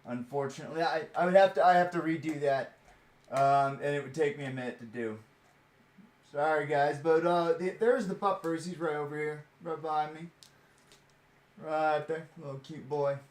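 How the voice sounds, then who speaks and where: A man's voice: fairly high pitch, normal speed, darkish tone. A young man streaming a card-pack opening, chatting casually with many fillers and chuckles.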